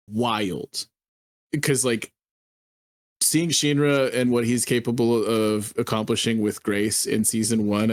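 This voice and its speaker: A man's voice: fairly low pitch, no room sound. A young man chatting casually about anime, enthusiastic and slangy, with frequent restarts. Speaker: anime reviewer. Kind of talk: casual podcast chat.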